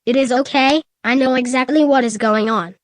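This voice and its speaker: Woman voicing a sad teen boy fox, subdued and plain, storybook figure, high dry voice. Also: fairly even intonation, normal speed, dry recording.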